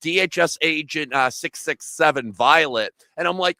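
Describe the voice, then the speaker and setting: A man, an activist guest, talking in a loud absurdist comedic way on a remote call, often breaking into shouted bits. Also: high voice, normal speed, vocal fry, hardly any pauses, dry recording. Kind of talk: comedic interview chat.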